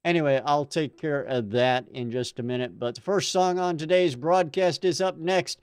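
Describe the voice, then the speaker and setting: Male host, chatty and upbeat, slightly higher voice, resonant. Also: moderate pace, smooth, no echo. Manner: upbeat, chatty, laughs along. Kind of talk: hosting a music review show.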